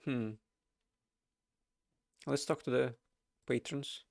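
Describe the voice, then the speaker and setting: A man's voice: mid-range voice, little pitch movement, slow pace, gravelly, a little mellow, no room sound, studio quality. A man streaming a game, casually thinking aloud and reading its dialogue with chuckles.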